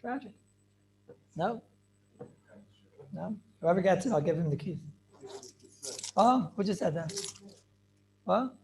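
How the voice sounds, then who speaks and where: A man teaching an animated Torah class over a video call, firing questions and mixing in Hebrew and Yiddish terms. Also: sits high, takes it slowly, gravelly, long pauses, a little hiss or hum. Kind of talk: lively online Torah class.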